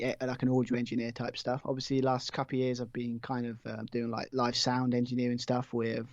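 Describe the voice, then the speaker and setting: A man's voice: medium pitch, darkish tone, no room sound, lo-fi sound. A man, a podcast guest chatting casually and rambling, with many fillers and restarts. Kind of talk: casual chat.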